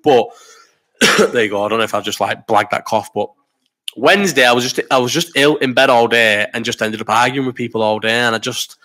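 A man's voice: mid-range voice, brisk, bright, forceful tone. A man in his thirties hosting a casual live chat, rambling and swearing as he reads out comments while sick with a cough. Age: 30s. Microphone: desk microphone.

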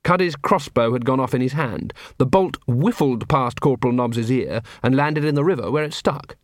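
Male audiobook narrator, wry, measured, mid pitch, dry close sound. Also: no room sound. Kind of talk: storytelling narration.

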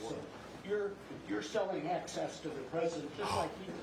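A man's voice: high-pitched, fairly quick. A man from the audience bluntly challenging a politician. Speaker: voter in audience. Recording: distant roomy audio with loud noise.

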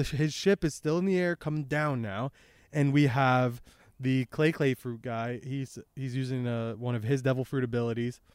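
A man's voice: mid-range voice, no echo, studio quality. Laid-back young man rambling outdoors. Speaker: podcast host. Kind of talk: casual comic chapter recap. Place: outdoors by a creek and tree line. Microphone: handheld microphone exposed to wind.

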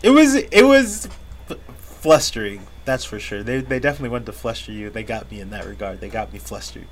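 A man's voice: lowish voice, big pitch swings, brisk, slight background noise. A young man co-hosting a podcast, telling stories in casual chat, cursing freely and laughing as he goes. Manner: profane, laughing, acts out yelled quotes. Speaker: podcast co-host.

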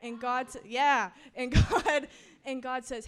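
A young woman preaches in a loose, chatty way, scattering "like" through her retelling and laughing now and then. Her voice sits a little high and comes through smooth and clear. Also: fairly even intonation, measured pace, fairly bright tone. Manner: chatty and playful, many "like"s, laughs often. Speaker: speaker giving a church talk. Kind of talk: casual sermon retelling Bible stories.

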